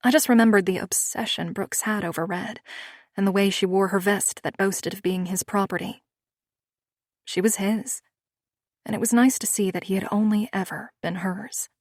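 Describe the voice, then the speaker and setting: A woman narrating a romance audiobook in the first person, with a measured, expressive reading. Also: medium pitch, no echo, studio quality.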